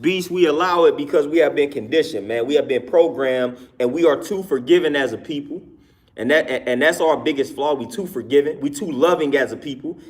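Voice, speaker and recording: A man with a voice pitched a little above most men, talking casually to a live chat. He answers viewers' comments and repeats each point twice for emphasis, with short laughs between his points. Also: a little fast.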